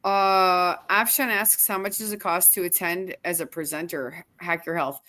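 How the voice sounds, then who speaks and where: A woman's voice: on the low side, steady tone, normal speed, bright, forceful tone. A woman hosting a live stream, reading out viewer comments in an upbeat, casual way.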